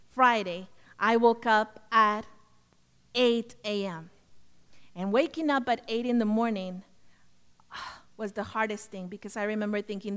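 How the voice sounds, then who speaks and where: A woman with a high voice tells a personal testimony from the pulpit. She plays out both sides of a conversation with feeling. A long hall reverb trails her words. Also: fairly bright tone, clean tone. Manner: heartfelt storytelling, acts out both sides of the conversation. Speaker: speaker giving a testimony.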